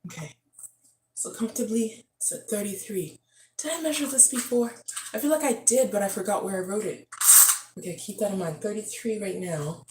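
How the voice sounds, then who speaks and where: A woman vlogger chatting casually on a livestream, reading comments aloud. She talks in an effusive, excitable way, with bursts of prayerful praise. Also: medium pitch, moderate pace, background noise.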